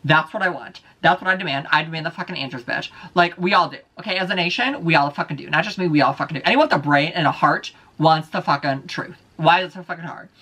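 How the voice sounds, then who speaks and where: A man's voice: on the high side, quick pace, hardly any pauses, pushed and bright. A man vlogging alone, ranting heatedly with heavy profanity and repeating his points. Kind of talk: casual solo vlog rant.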